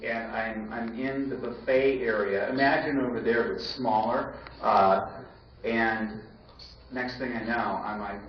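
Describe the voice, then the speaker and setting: Guy in his 40s telling stories at a banquet podium, fast asides, far off and muffled in a big echoey hall. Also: mid-range voice. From United States. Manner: animated storytelling, rapid asides and repetitions. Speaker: banquet keynote speaker. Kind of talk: live speech with anecdotes. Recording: echoey, dull banquet-hall recording with noise.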